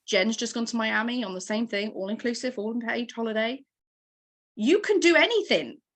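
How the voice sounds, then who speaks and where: A woman's voice: on the high side, lively intonation, moderate pace, a bit bright. A woman in her thirties giving an encouraging, emotional motivational training to her team over a video call.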